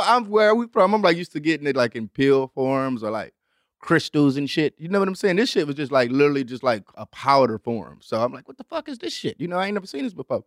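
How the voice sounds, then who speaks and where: A young adult man hosting a show, telling a rambling, profane story in an animated way and acting out other people with big jumps in pitch. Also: no room sound, studio quality. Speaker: host. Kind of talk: storytelling monologue.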